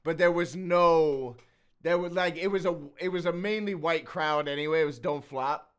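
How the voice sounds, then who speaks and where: A man's voice: a little high, moderate pace, clean tone. A man hosting a reaction video, giving easygoing commentary that trails off with fillers. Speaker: reaction channel host.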